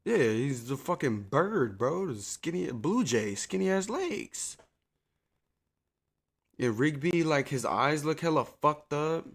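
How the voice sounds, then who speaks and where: A man's voice: a little high, lively intonation, slow pace, gravelly. A man streaming a game, chatting to his viewers in a rambling, profane, laid-back way. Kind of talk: casual live-stream chat.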